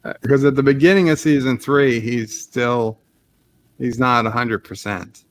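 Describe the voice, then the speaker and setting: A man's voice: medium pitch, fairly even intonation, a little slow. A man hosting a casual livestream chat, joking and playful. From Australia. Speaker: host.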